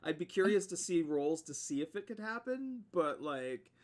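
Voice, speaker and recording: A man's voice: a little high, lively intonation, moderate pace. A man running a tabletop game as game master, swearing and laughing in disbelief at his players.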